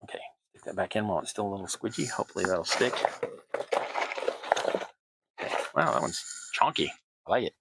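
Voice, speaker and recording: Gravelly middle-aged Southern man, rambling. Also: low voice, expressive, fairly quick, long pauses, fairly bright tone, slight background noise, rough recording. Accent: Southern American. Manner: rambling, self-deprecating asides. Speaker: host, terrain crafter. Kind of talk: casual hobby crafting tutorial.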